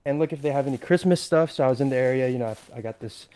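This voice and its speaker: A man's voice: mid-range voice, very fast, mellow, clear, resonant tone. A young man co-hosting a podcast stream, telling rambling, easygoing stories in casual chat. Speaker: podcast co-host.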